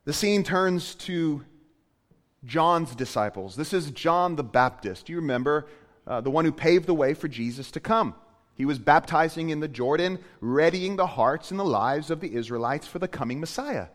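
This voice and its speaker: Pastor guy preaching, goes real quiet then loud and emphatic, kinda high voice, big church reverb. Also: animated, normal speed. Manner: swings between hushed and loud emphatic preaching. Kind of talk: sermon.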